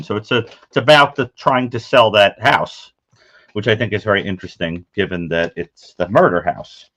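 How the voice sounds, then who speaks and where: A man with a very low, deep voice talks through his collection of crime memorabilia in casual show-and-tell chat. He rambles in an unhurried, matter-of-fact way. The audio is muffled and lo-fi. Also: a bit bright.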